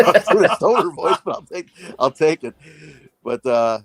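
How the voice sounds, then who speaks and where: A man's voice: a little high, very animated, moderate pace, husky, dry recording. Laid-back swearing man on a late-night stream. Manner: laid-back, swears freely, slips into a drawling stoner voice. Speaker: podcast co-host.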